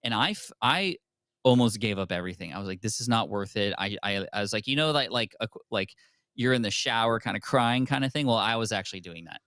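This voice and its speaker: Offener Mann, erzählt trocken ins Mikro. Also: male voice, lowish voice, lively intonation, a bit bright, smooth, no echo, studio quality. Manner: open, candid, quick storytelling with restarts. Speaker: podcast guest. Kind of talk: casual interview storytelling.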